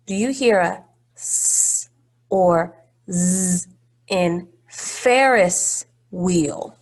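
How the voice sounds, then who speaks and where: A woman's voice: fairly low pitch, drawn-out words, a little mellow. A woman teaching a phonics lesson to young children, patient and encouraging, drawing out each word.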